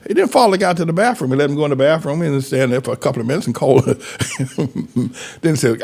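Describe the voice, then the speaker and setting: A man's voice: on the high side, expressive, fast talker, gravelly, a little mellow. A man, a pastor, rambling through a folksy commentary monologue with chuckling asides.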